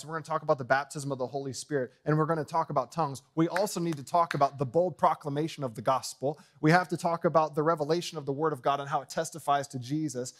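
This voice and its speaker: A man preaching a sermon as pastor in a church, bold and fiery, swinging from loud proclamations to quiet asides and jokes with the congregation. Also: fairly high pitch. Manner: joking with the congregation. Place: church sanctuary.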